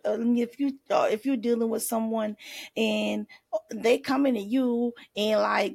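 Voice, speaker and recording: A woman's voice: on the high side, steady tone, a little slow, creaky, darkish tone. A woman life coach giving faith-based advice in a sassy, playful podcast talk, tossing in pet names and laughing often.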